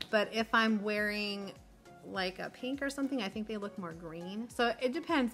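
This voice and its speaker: A woman's voice: on the high side, pushed and bright. A middle-aged woman teacher vlogging casually, chatty and candid, sentimental. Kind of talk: casual get-to-know-me chat.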